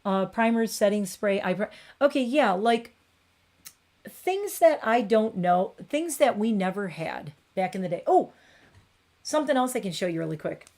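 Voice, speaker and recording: A woman's voice: mid-range voice, lively intonation, moderate pace, a little mellow. A woman in her forties chatting casually on a beauty livestream from her home bathroom, rambling and cooing at her cat.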